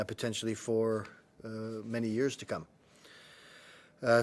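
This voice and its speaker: A middle-aged man giving a matter-of-fact public health briefing as chief medical officer, with many uh fillers. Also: medium pitch. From Canada.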